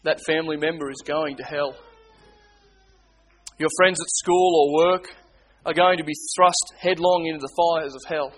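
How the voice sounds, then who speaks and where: A man preaching a sermon, swinging between hushed pleading and loud, urgent appeals. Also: fairly high pitch, fairly even intonation, moderate pace, pauses often. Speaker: pastor.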